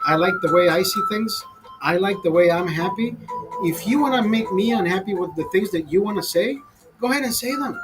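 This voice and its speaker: A man's voice: sits high, poor audio. A man ranting casually to his viewers over a beer, profane and fired up, calling them brother. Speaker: host.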